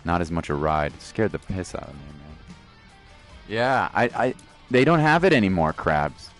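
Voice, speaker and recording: Deep-voiced laid-back male game streamer. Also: sing-song, normal speed, faint music behind. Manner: laid-back, chatty, talks to chat. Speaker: gaming streamer. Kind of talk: casual live-stream chat.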